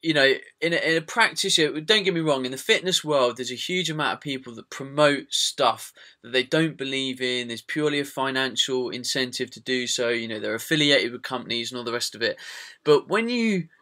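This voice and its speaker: A man's voice: medium pitch, fairly quick, pushed and bright. A British man hosting a podcast in casual, rambling chat, with frequent fillers and the odd swear word. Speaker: podcast host.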